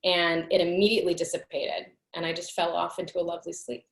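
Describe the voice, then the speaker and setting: Low, gravelly-voiced woman host, echoey. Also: quick pace. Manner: earnest, animated retelling with many "like" fillers. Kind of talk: reflective personal storytelling in conversation.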